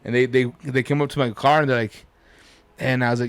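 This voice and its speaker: A man's voice: medium pitch, steady tone, a little fast, dry recording. A man telling a story as a podcast guest, rambling and swearing, with Spanish words dropped in. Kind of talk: casual storytelling.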